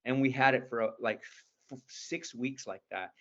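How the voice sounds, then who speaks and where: A man's voice: medium pitch, moderate pace, fairly bright tone, dull audio. A man in his sixties, an interview guest telling stories in an enthusiastic, rambling way. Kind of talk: casual storytelling.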